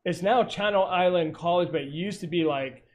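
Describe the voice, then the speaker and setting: A man's voice: sits high, moderate pace. A man who investigates hauntings, telling stories on a video call in a rambling way, with many fillers and corrections. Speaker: paranormal investigator. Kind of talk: casual storytelling over a video call.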